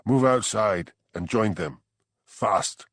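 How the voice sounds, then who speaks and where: A man's voice: lowish voice, takes it slowly, fairly bright tone, dry recording, clean studio sound. A man voicing a cold German gunman with a German accent, giving curt, contemptuous orders. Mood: menacing.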